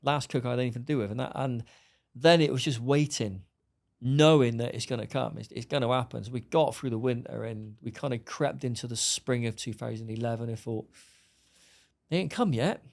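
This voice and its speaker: Gravelly-voiced middle-aged man, quick and blunt, a guest spinning a story. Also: mid-range voice, fairly even intonation, a little mellow. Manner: blunt, swearing, acts out dialogue. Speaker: podcast guest. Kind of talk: storytelling interview.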